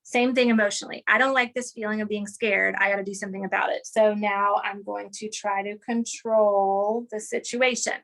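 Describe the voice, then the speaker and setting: A woman explaining an idea in an interview, animated and teacherly, often checking in with "right?" and "okay". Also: mid-range voice, moderate pace, vocal fry, few pauses.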